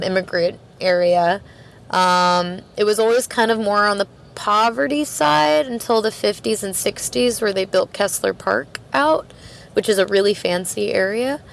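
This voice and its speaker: A chatty woman from Canada rambles through a casual interview, full of fillers and quick laughs. Her pitch sits at an ordinary middle height. A faint noise hums behind her voice. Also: creaky. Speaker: podcast guest, record store worker.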